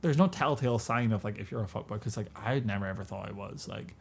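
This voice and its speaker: British dude late 20s, chatty podcast guest, laughs a lot, lots of "like". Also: male voice, on the low side, quick pace, creaky, husky. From Britain. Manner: candid, laughing, full of fillers. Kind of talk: casual chat.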